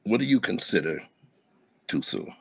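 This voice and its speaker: A man's voice: low-pitched, very animated, moderate pace, gravelly, husky, dry recording. A man hosting a casual interview chat, teasing and playful, laughing often. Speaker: host.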